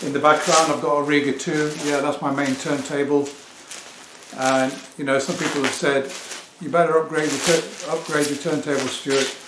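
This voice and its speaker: A middle-aged man from England sells records on his vlog, talking casually to camera at length in a self-assured, rambling way. His English-accented voice is a little high and level, at a moderate pace. He's in a home room with a turntable, which sounds echoey with faint ambient noise.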